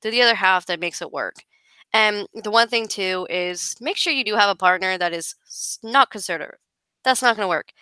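A woman talking casually as a podcast guest, telling stories in an animated, chatty way. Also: medium pitch, a little fast, smooth, no room sound, low-quality recording. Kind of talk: casual conversation.

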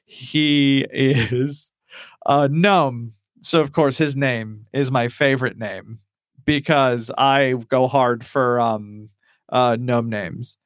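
A man's voice: mid-range voice, slow, dry recording, clean studio sound. A man hosting a podcast, chatting casually about tabletop role-playing characters with lots of fillers and laughter. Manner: animated, laughs often, many fillers. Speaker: podcast host.

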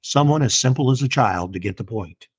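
A man's voice: medium pitch, expressive, fairly quick, breathy edge, no room sound. A man reading a story aloud and then teaching a Bible lesson in an earnest, plain-spoken way.

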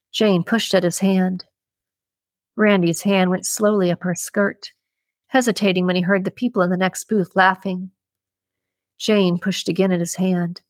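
A woman reading a thriller audiobook in an even, measured way. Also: mid-range voice, no echo. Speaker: audiobook narrator. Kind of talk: scripted audiobook narration.

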